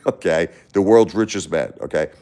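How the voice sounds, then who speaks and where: A man rants to his livestream chat in a blunt, repetitive, confrontational way. His voice sits low but swings widely in pitch. He keeps calling out viewers by name. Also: animated, measured pace, dark tone. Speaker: livestream host. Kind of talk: casual livestream rant to chat.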